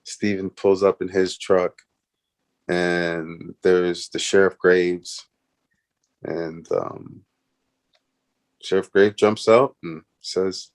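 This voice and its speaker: A man's voice: sits low, little pitch movement, drawn-out words, long pauses. A man from Canada, a guest in an interview, telling a story animatedly with laughs and restarts.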